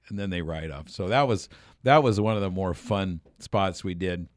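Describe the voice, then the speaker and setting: A man's voice: low-pitched, normal speed, dry recording, studio quality. A man hosting a radio show, casually telling a rambling story with chuckles and restarts.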